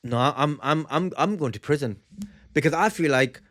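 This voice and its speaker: With a fairly high pitch at a moderate pace, a man from England banters comically as co-host of a podcast recorded in a family home. He's a comedian who tells stories animatedly, doing the characters' voices.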